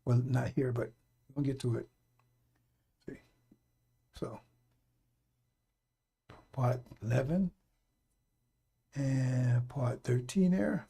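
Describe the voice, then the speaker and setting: A husky, creaky-voiced man draws out his words and pauses at length while preaching on a live radio stream. He is urgent, repetitive, blunt and profane, addressing brothers and sisters and shifting from loud exhortation to low mutters.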